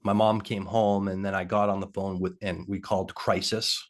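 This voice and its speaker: Guy with a really low voice, telling his story on a video call, lots of ums and pauses. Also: flat delivery. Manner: halting, heavy with fillers. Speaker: interview guest.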